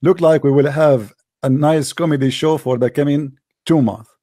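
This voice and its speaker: A man talks over a debate clip in a mocking, combative way, laughing often. His English is not native and his voice sits a little high. The sound is close and dry, with no room around it. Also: moderate pace, mellow, dry recording. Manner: non-native English grammar. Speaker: commentator reacting to a debate clip. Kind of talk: casual reaction commentary.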